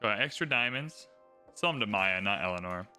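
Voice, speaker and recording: A man's voice: fairly low pitch, expressive, a little fast, sharp tone, soft background music. A man giving casual, upbeat livestream commentary while playing a strategy game, thinking aloud and chatting to his viewers.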